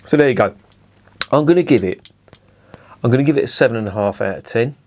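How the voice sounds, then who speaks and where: A man's voice: mid-range voice, expressive, fast, darkish tone. A middle-aged man with a blunt, sweary manner, ranting in a casual beer review and peppering it with "you know".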